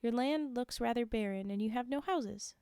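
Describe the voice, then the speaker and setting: A woman voicing Raven, a male creator spirit bird, in a measured, instructive storytelling tone. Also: on the high side, mellow, clean tone, no echo, studio quality, lightly acted.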